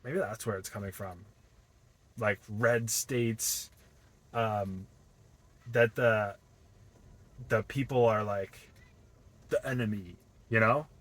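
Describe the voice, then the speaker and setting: A young man from Boston in a casual, reflective vlog, talking haltingly with many fillers and restarts. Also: fairly low pitch, steady tone, fairly bright tone. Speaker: vlogger.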